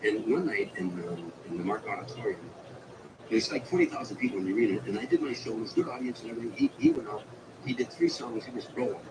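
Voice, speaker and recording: A man, an entertainer, telling a long anecdote about a night on tour in a slow, vivid way. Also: on the low side, big pitch swings, distant mic, noisy background. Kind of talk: storytelling anecdote.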